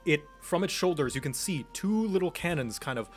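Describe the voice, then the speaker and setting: A man running a tabletop game as game master, describing the action in a relaxed, descriptive way. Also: fairly high pitch, a little fast, faint music behind.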